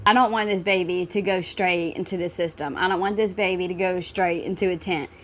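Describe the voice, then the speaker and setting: A woman's voice: lowish voice, a little fast, slight background noise. Blunt woman reacting casually. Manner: blunt, exasperated, swears freely. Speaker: reaction video host.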